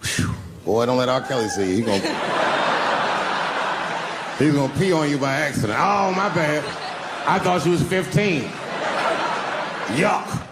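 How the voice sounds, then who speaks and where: Gravelly-voiced man doing stand-up. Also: on the high side, unhurried, pauses often, heavy background noise. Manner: profane, loose storytelling with crowd banter. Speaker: stand-up comedian. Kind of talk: stand-up routine. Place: comedy club stage with live audience.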